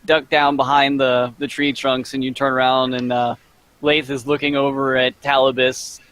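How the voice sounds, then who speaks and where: A man narrating as dungeon master for a tabletop game, halting with many fillers. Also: mid-range voice, little pitch movement, fairly bright tone, poor audio.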